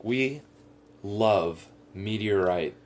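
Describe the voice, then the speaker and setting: A man's voice: fairly low pitch, drawn-out words, a little mellow. A man co-hosting a comedic radio talk show, trading dry, teasing banter. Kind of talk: casual comedic chat.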